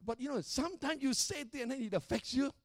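A middle-aged male pastor preaching with a high, ringing voice that rises and drops for emphasis. His delivery is emphatic, punctuated by quick checks with the congregation, and the sound is dry and close with almost no room echo. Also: animated. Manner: emphatic preaching with call-and-response tags. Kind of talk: sermon.

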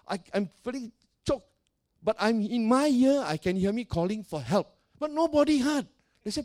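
A man's voice: high-pitched, expressive, moderate pace, pauses often, a little mellow. A male pastor preaching a sermon, emphatic and repetitive, putting direct questions to his congregation.

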